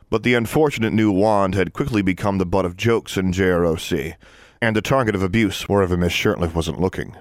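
A man narrating an audiobook in a steady, measured reading voice. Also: low-pitched, dry recording, studio quality.

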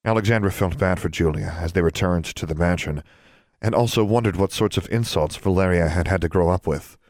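A man reading a story aloud as a narrator, in a steady, measured way. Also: low-pitched, no room sound. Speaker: audiobook narrator. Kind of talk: scripted narration.

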